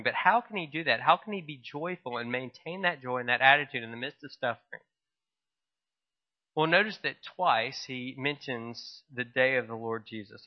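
A male pastor giving a sermon, explaining scripture and telling a humorous childhood story in a relaxed, conversational way. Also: medium pitch, muffled recording.

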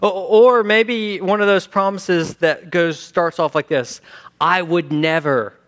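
A male pastor preaching a sermon, animated, acting out the quoted lines with sudden shifts between loud and soft. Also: high voice, unhurried. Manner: animated, acts out quotes, sings hymn lines.

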